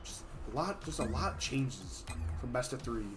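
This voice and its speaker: A man hosting and casting a live gaming tournament in a casual, chatty way, his voice a little hoarse from being sick, with sudden loud excited outbursts. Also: mid-range voice, a little slow, faint music behind. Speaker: tournament host and caster. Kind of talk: casual live-stream commentary.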